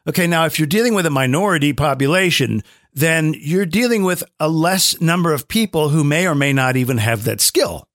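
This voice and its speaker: A man's voice: a little high, lively intonation, brisk, fairly bright tone, no room sound, studio quality. A middle-aged man, a veteran advertising voice actor, talking emphatically as a guest, with frequent restarts. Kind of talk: opinionated conversation.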